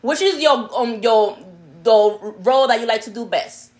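A woman's voice: fairly high pitch, moderate pace. A woman co-hosting a podcast, asking a guest questions in a chatty, laughing way and now and then dropping in Spanish words. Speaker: podcast co-host. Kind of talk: casual podcast interview.

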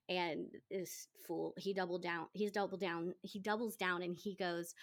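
A woman hosting a podcast, telling a story in casual chat, animated and chatty. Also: fairly low pitch, normal speed, few pauses. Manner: animated, chatty, quotes people in lively voices. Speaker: podcast host.

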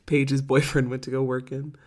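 A woman's voice: rumbling low, little pitch movement, takes it slowly, background noise. A woman co-hosting a podcast in casual chat, chatty and laughing a lot. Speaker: podcast co-host.

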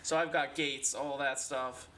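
A man's voice: medium pitch, level tone, measured pace, bright, forceful tone, recorded from a distance, slight background noise. A man chatting casually, easygoing and joking. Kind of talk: casual chat.

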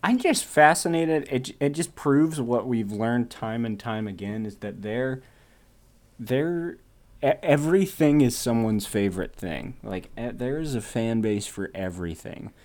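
A man's voice: medium pitch, unhurried, darkish tone. A man co-hosting a casual podcast, reading fan fiction aloud with laughing, overblown drama and joking asides. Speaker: podcast co-host.

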